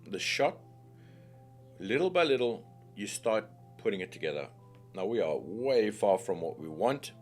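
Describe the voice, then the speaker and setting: A man with a low voice walks through a software tutorial, his pitch swinging widely as he jokes along. He talks in a chatty, playful way, calling the viewer mate and love, with faint music behind him. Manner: playful, chatty, jokey asides. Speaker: tutorial host. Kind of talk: screen-recorded software tutorial.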